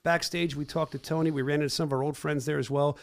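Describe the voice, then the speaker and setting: A man's voice: fairly high pitch, steady tone, fast. A middle-aged man hosting a podcast, brash and joking as he talks over video clips. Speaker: podcast host. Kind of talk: casual podcast chat.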